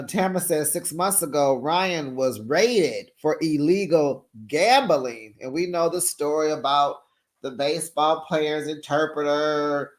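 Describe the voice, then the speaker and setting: A host with a mid-pitched voice gives a sassy, gossipy reality TV recap, talking straight to the viewers. The pace is slow and unhurried, with lots of drawn-out asides. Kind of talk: casual commentary recap.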